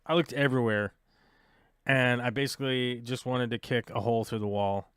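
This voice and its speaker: A man hosts a casual livestream and grumbles at his own computer as he talks to viewers. His voice is smooth and clear at an ordinary middle pitch. It is recorded dry and close, with no room sound. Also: fairly even intonation, moderate pace, no echo. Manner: frustrated, mutters to himself while fiddling with software. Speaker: podcast host.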